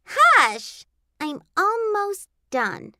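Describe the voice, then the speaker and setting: A woman's voice: mid-range voice, level tone, measured pace, bright, forceful tone, clear, resonant tone, no room sound, studio quality. A woman doing a bossy, impish girl twin. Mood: teasing. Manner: bossy, teasing.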